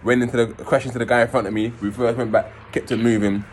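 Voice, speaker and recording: A man, casually telling his own story in an animated way, swearing and acting out scenes. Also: medium pitch, fast talker, slight background noise. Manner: animated, swearing, acts out scenes in raised voices.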